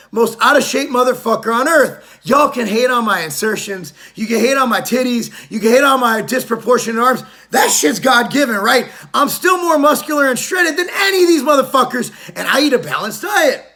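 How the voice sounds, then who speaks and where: A man's voice: very high-pitched, pushed and bright. A middle-aged man, a fitness vlogger, giving a brash, profane, mocking rant to the camera.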